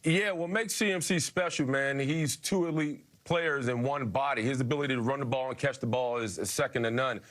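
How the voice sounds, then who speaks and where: A man's voice: mid-range voice, brisk, few pauses, fairly bright tone. A man who played offensive line, now a sports analyst, praising a player with enthusiasm.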